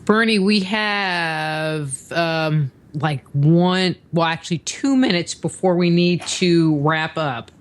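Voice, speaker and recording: Slow, soft-spoken radio host. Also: medium pitch. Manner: soft-spoken, brief affirmations and laughs. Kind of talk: interview hosting.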